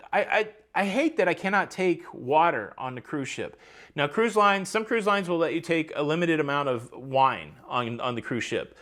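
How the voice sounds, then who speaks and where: A man's voice: mid-range voice, a bit bright. A man hosting a cruise news vlog, chatty and upbeat, talking straight to his viewers from outdoors by the ocean. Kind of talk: casual vlog commentary.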